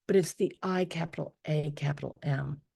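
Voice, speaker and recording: A woman leading a guided meditation, speaking softly and slowly and often slipping into a whisper. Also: low voice, gravelly, breathy edge. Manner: slow, soft and drifting, often dropping to a whisper on affirmations. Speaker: spiritual teacher leading a meditation.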